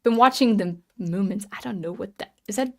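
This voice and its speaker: A woman's voice: mid-range voice, brisk, a little mellow. A woman in her late thirties chatting casually on a livestream, telling a story with lots of restarts and reading the chat aloud. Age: 30s. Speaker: livestream host.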